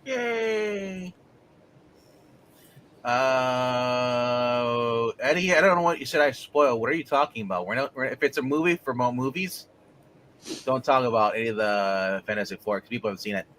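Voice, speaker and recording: A man's voice: mid-range voice, lively intonation, a bit bright, slight background noise. A man co-hosting a live comics stream, joking and chatting casually. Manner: jokey, quick to laugh. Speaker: co-host of a live comics show.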